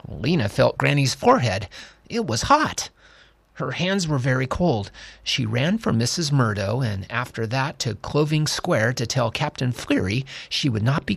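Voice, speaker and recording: Man reading a children's story aloud, slow, lively pitch, gravelly, husky, dry close sound. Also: dry recording.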